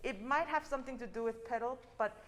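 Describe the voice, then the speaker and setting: A woman's voice: fairly high pitch, quick pace, fairly bright tone. A young adult woman coaching a piano student in a masterclass, encouraging and singing out rhythms with syllables. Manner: encouraging, sings out rhythms with syllables, restarts phrases. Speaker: piano teacher leading a masterclass. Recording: long hall reverb with piano.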